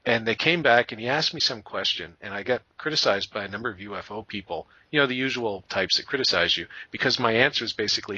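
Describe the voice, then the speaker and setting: A man from Canada hosting a podcast, telling rambling, animated stories in a casual chat. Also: lowish voice, quick pace, few pauses, dry recording, muffled recording. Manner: rambling, animated storyteller who breaks into funny voices. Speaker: podcast host.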